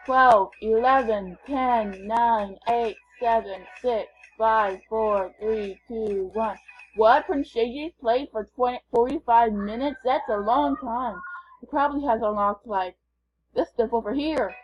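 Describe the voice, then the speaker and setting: Woman vlogger, unhurried and chatty, higher-pitched, casual gameplay chatter on a dull lo-fi recording. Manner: playful, chatty, thinking aloud. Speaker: gamer vlogger.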